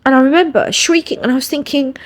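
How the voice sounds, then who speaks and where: This podcast guest, a woman with an English accent and a high voice, talks fast. She earnestly tells a personal story and frequently checks in with her listener by adding "yeah?"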